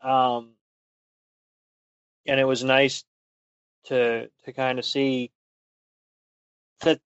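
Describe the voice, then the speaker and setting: A man's voice: medium pitch, little pitch movement, extremely slow, fairly bright tone, clean tone, no room sound, lo-fi sound. A man co-hosting a casual podcast, teasing his partner dryly and thinking aloud with lots of ums. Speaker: podcast co-host.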